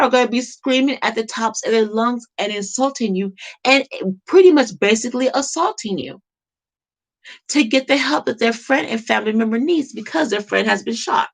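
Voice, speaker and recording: A woman's voice: on the high side, a little fast, creaky. A woman talking to camera in an impassioned monologue, emphatic and repetitive, firing off rhetorical questions. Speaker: vlogger.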